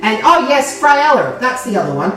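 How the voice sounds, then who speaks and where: A woman's voice: on the high side, very animated, brisk, pitched above the performer's own voice. A woman with an Australian accent voicing a friendly male innkeeper who talks in a chatty, hesitant way. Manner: chatty and hesitant, lots of ums. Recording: distant roomy sound with background music.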